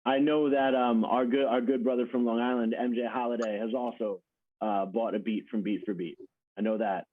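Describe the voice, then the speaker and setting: A man hosts a casual conversation over a video call, talking in a friendly, rambling way and laughing easily. His pitch is mid-range. The audio is dry and thin, like a phone line. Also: steady tone, a little fast, dry recording. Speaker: host.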